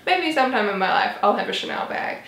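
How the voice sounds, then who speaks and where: A woman's voice: on the high side, lively intonation, fast, a bit bright, reverberant. A woman in her twenties, chatting casually as a vlogger, rambling with lots of "like" and "um". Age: 20s. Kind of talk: casual chat.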